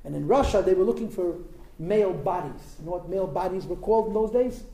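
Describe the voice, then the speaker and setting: A man's voice: high voice, quick pace, mellow. A man telling a story in an informal religious talk, conversational and emphatic, with asides to his listeners. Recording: roomy echo with faint background.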